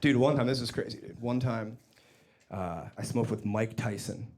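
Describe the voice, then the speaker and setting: A man's voice: mid-range voice, normal speed, noisy background. A man doing a stand-up set on a club stage, telling a story with lots of swearing and laughter behind him. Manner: animated storytelling, acts out voices, swears freely. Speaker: stand-up comedian. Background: audience laughter.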